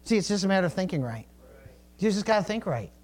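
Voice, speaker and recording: A man's voice: high-pitched, very animated, quick pace, a little mellow. A middle-aged male pastor preaching a sermon in a conversational, storytelling way, with asides to the congregation.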